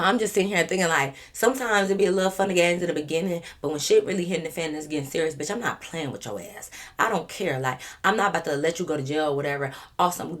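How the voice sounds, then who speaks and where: A woman vlogger tells a story to camera in a loose, casual way. Her voice sits low, and she speaks emphatically with a lot of swearing. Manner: animated, profane, emphatic.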